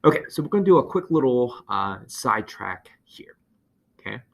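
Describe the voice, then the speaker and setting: A man teaching physics, working through a problem aloud with many fillers and quick self-corrections. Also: medium pitch, very animated, creaky. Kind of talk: lecture over a whiteboard.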